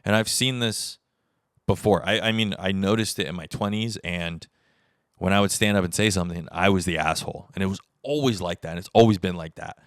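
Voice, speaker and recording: A man's voice: deep voice, fairly quick, fairly bright tone, no room sound, clean studio sound. A man in his thirties hosting a solo podcast, talking candidly and rambling, swearing casually and acting out the conversations he recounts. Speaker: podcast host. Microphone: podcast mic on camera setup.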